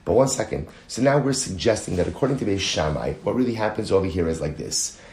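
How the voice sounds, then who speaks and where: A man, a rabbi, teaching a daily Talmud class, animated and quick when he reads Aramaic quotes. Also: low voice, echoey room. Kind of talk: Talmud lecture.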